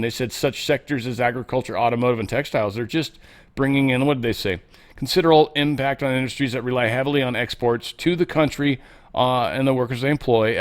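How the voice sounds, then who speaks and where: A man hosting a solo commentary show, talking casually and sarcastically, swinging between loud outbursts and muttered asides. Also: mid-range voice. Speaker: host of a political commentary show.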